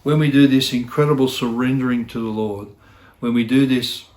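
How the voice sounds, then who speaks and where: A man's voice: mid-range voice, fairly even intonation, moderate pace, darkish tone, roomy sound. A middle-aged man preaching a sermon as pastor, earnest and repeating key phrases for emphasis, with self-deprecating asides. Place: church.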